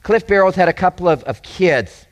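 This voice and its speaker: A man's voice: high-pitched, animated, normal speed. A male pastor preaching a sermon in an earnest way, often repeating and restarting phrases and rising for emphasis.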